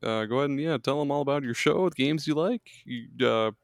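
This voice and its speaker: Guy hosting a pod, kinda gravelly, loose jokey chat, dry close mic. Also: medium pitch, brisk, no echo. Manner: laid-back, jokey, laughs often. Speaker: podcast host. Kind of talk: casual podcast chat.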